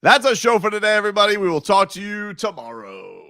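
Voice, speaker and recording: A man's voice: sits high, wildly swooping pitch, fast talker, gravelly, sharp tone, no echo, clean studio sound. A man co-hosting sports radio, joking and incredulous in casual banter.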